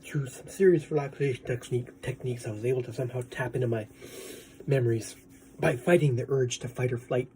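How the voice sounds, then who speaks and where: A man's voice: mid-range voice, mellow, slight background noise. A man vlogging in a casual, rambling monologue, swearing freely and asking "right?" as he goes.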